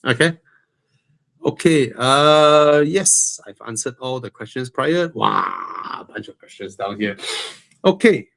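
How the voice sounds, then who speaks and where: Expressive and fairly bright, with a creaky quality, this man's medium-pitched voice moves at normal speed. He hosts a live car-buying Q&A in a Malaysian English accent, frank and jokey, his stuffy nose making him breathe heavily.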